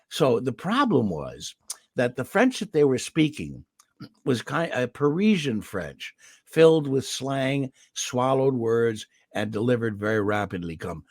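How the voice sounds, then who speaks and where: Unhurried and gravelly, a mid-range older man recounts anecdotes with animated energy and plenty of restarts, pausing to clear his irritated throat. He's a voice actor interviewed at his California home. There's no echo, and the audio is studio quality.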